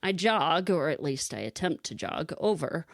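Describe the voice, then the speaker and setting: Animated woman telling a story, laughing. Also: low-pitched, moderate pace, dry recording, studio quality. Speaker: podcast co-host. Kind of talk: casual storytelling chat.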